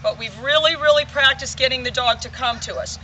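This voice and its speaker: Male dog trainer, casual how-to delivery, very bright tone, faint background noise outdoors. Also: very high-pitched, brisk. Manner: talks straight to viewers, repeats reminders. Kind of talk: casual training instruction to camera. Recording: voice somewhat far from the mic.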